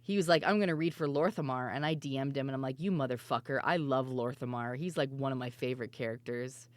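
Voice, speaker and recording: A woman streamer telling stories in casual chat, her voice worn and hoarse, laughing often and swearing freely. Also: a bass voice, quick pace, dry recording. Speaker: VTuber streamer.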